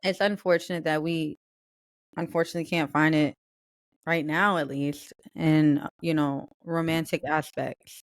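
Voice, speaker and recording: Warm-supporting young woman, dry close sound. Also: low voice, flat delivery, moderate pace, no echo. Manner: supportive, reassuring, reflective. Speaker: podcast co-host. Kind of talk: casual chat.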